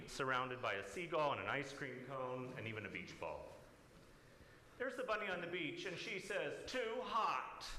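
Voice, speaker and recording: A man reads a picture book aloud to children during a church service, his voice animated and bright. His pitch sits a little high and rises and falls widely. The sound rings with a roomy church echo. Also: a little hiss or hum. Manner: warm, animated storytelling to children. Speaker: worship leader reading a children's story. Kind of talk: children's story reading. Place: church sanctuary.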